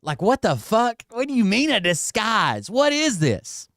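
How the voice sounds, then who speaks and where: Sarcastic swearing man, smooth voice. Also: sits high, wildly swooping pitch, a little slow, a bit bright, dry recording, clean studio sound. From Tennessee. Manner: sarcastic, mocking, swears freely. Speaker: commentary channel host. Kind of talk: casual reaction commentary.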